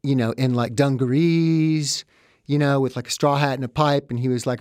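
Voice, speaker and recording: A man telling a wry, self-mocking story about his childhood, with animated asides, recorded close and dry. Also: medium pitch, normal speed, no room sound. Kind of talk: first-person comic storytelling.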